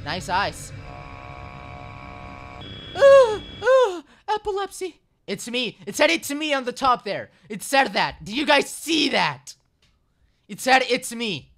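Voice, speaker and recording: A man streaming a horror game live, commenting loudly in a panicky, profane way and shouting at the game. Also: extremely high pitch, wildly swooping pitch, slow pace, pauses often. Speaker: gaming streamer.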